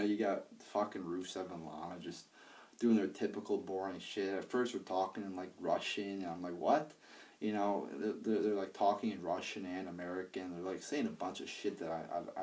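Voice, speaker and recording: A man's voice: low-pitched, dark tone, recorded from a distance. A young man casually reviewing a wrestling show, rambling and profane, with lots of fillers and restarts. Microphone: handheld iPad.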